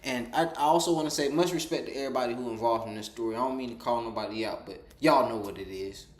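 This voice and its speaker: Male storyteller, casual rambling monologue, lively delivery, reverberant room. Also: mid-range voice, fast. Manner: rambling, animated, acts out quoted dialogue. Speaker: storyteller vlogger.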